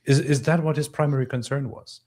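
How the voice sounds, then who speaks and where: A man's voice: medium pitch, steady tone, fairly quick, darkish tone. A man hosting a live commentary stream, talking with sarcasm and disbelief. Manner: sarcastic, incredulous. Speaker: host.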